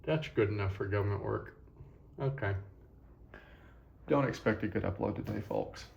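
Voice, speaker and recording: A man's voice: lowish voice, moderate pace, vocal fry, a little mellow, echoey room, a little hiss or hum. A tired young man teaching a casual language lesson, rambling and correcting himself as he goes.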